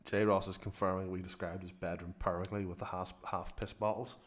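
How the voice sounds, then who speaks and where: A man co-hosting a live-stream chat, relaxed and quick to laugh. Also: sits low. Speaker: co-host.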